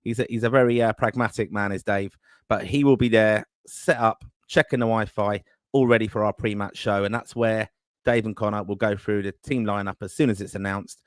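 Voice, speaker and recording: A man's voice: lowish voice, steady tone, fairly quick, dry recording, clean studio sound. A man hosting a live fan podcast over a video call, upbeat and optimistic, mixing chat with plugs for the show. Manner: upbeat, self-styled optimist, promotional patter. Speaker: podcast host.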